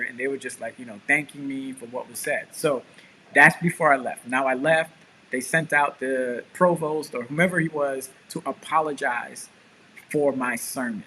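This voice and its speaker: Bright-voiced man telling a story. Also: mid-range voice, slight background noise, low-quality recording. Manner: animated storyteller, acts out quotes. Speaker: pastor and co-host. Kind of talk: casual storytelling chat.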